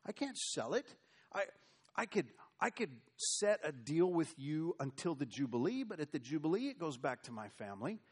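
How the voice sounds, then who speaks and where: A man's voice: on the high side, big pitch swings, moderate pace, husky, voice pushed up. A man voicing Naboth, a godly landowner who protests that he will never sell his family's vineyard. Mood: indignant. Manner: rising, emphatic protest. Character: indignant godly man refusing to sell land.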